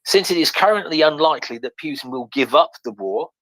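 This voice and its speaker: A man's voice: a little high, animated, brisk, a bit bright, no room sound, rough recording. A man hosting a live audio chat, reading an article aloud with many fillers, restarts and wry asides. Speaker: host.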